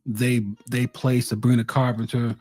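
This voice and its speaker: A man's voice: medium pitch, normal speed. A man co-hosting a podcast, telling stories in a teasing, folksy way. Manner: animated storytelling, folksy and teasing. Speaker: podcast co-host. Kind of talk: casual chat.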